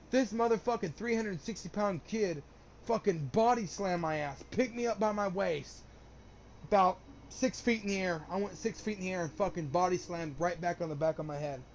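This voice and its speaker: A man's voice: high-pitched, fairly quick, a little hiss or hum. A young man telling a long personal story in casual chat, rambling and swearing often, with lots of restarts. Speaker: gamer streamer.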